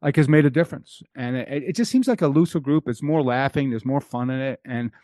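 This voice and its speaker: A man's voice: mid-range voice, fairly quick, a little mellow, no echo, clean studio sound. A man talking as a guest on a hockey podcast, rattling on with repeated and restarted phrases. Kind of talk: casual podcast chat.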